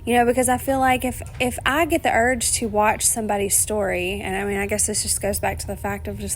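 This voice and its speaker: A woman's voice: a little high, a little fast, a little hiss or hum. Rambling, chatty woman podcaster. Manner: rambling, chatty, laughs often, swears casually. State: emotional, near tears. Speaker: podcast host. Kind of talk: rambling solo podcast monologue.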